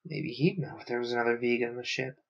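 A man narrating a science fiction novel aloud on a stream, steady with small stumbles. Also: mid-range voice, fast, vocal fry. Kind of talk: audiobook-style reading. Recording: dull lo-fi sound.

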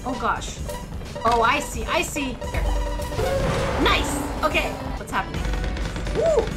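An excitable woman streamer narrating her gameplay live, with frequent cries and exclamations. Her voice runs high and bright. Clear game music plays behind her. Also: moderate pace. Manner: excitable, shrieking, laughing. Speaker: gaming streamer. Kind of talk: live let's play commentary.

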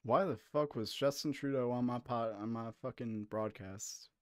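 A man hosts a live-streamed comedy talk show with a playful, exasperated edge. His voice is mid-pitched, and the recording is very dry. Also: normal speed, smooth, no room sound. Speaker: host.

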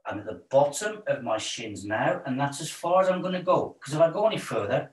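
A man leading a relaxed yoga and stretching session, calm and encouraging, counting breaths. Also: a little high, fast, few pauses. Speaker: yoga instructor. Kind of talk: guided stretching class. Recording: roomy echo, voice a bit far from mic.

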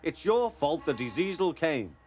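Cartoon twin engine, cheeky, bickering, higher voice, played by a man. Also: very animated, a little slow, a little mellow, soft background music. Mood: squabbling. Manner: squabbling, cheeky. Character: mischievous male twin engine.

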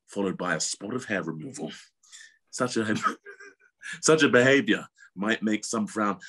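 A man with a very deep, husky voice reads a book passage aloud on a podcast. His reading is steady and measured, with the odd small stumble. He speaks into a studio microphone.

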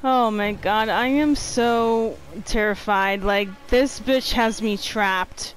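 A woman narrating a horror game as she plays, swearing a lot and moving from flat muttering to panicked yelps. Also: fairly high pitch, takes it slowly, hardly any pauses. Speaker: gamer. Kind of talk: let's play commentary.

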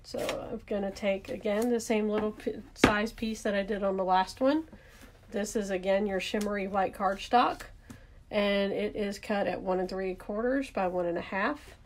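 A woman with a Southern accent walks viewers through making a handmade card in a relaxed, chatty way. She narrates each step as she works, pausing to fix things and correct herself. Her mid-pitched voice has a slightly gravelly texture. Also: slight background noise. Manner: chatty, thinks aloud while working, self-correcting. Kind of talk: casual craft demonstration.

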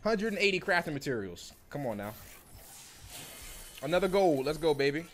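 Animated young streamer with lively pitch. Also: male voice, moderate pace. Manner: animated, swearing, slangy trash talk. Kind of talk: live-stream pack opening commentary.

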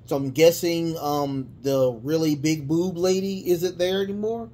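A man recapping a wrestling show in a casual, rambling way, with many fillers and restarts and bursts of excitement. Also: a little high, unhurried.

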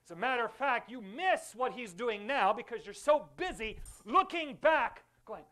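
A man's voice: very high voice, expressive, normal speed, bright, forceful tone. A man pastor preaching a fervent sermon in a church, calling on the congregation to repeat after him. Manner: fervent preaching with call-and-response. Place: church sanctuary.

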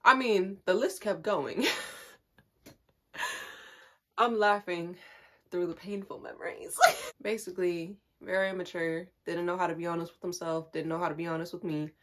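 A woman's voice: on the low side, fairly even intonation, normal speed, pauses often. A young woman telling a personal story in a casual, confiding way, often laughing as she talks. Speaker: vlogger.

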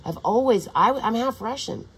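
A woman's voice: a little high, animated, moderate pace, slightly rough, poor audio. An older woman vlogging in a meandering, profane monologue full of restarts. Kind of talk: rambling casual monologue.

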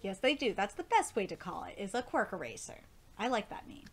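A woman hosting a live reaction video, reading comic dialogue aloud between excited, gushing comments and casual swearing. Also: medium pitch, brisk. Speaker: manga reaction host.

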